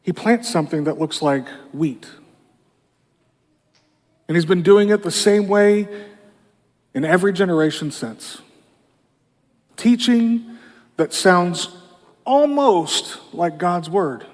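A man's voice: sits high, in a large hall. A man preaching a sermon in a conversational way, often saying "you know", recorded in a church. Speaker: pastor.

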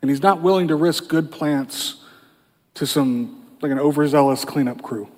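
Preaching at a moderate pace, this male pastor sounds relaxed and chatty, frequently dropping "you know" into his explanations. His voice is high for a man, and a long sanctuary reverb hangs on every phrase.

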